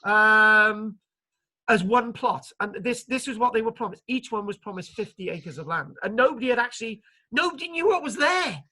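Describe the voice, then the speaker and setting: Bright-voiced man giving an animated lecture. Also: very high-pitched, quick pace. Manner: animated, joking, many fillers. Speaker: archaeology lecturer. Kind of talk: online lecture.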